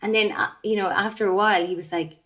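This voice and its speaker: A woman's voice: medium pitch, fairly even intonation, quick pace, a bit bright. A woman, a singer-songwriter, talking reflectively in a casual interview with many fillers and restarts. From Ireland.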